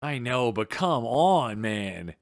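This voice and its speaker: Rambling, excitable male podcast host. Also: medium pitch, slow pace, creaky, dry recording, studio quality. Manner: rambling, many restarts, excitable. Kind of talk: casual chat.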